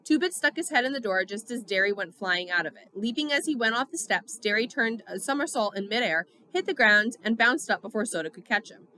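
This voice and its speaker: A woman narrating a novel in the first person with steady storytelling. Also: a little high, a little fast, hardly any pauses. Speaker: audiobook reader.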